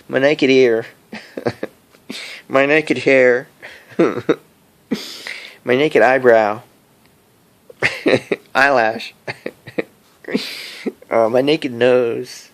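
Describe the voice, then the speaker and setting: A man's voice: medium pitch, drawn-out words, long pauses. A middle-aged man rambling to his phone camera, giggling often as he talks. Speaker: vlogger. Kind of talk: rambling casual monologue to camera. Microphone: cell phone camera.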